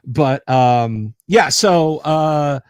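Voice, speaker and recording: Halting Southern American man hosting. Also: fairly high pitch. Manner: rambling, halting with repeated words and joking asides. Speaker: livestream host. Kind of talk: casual livestream chat.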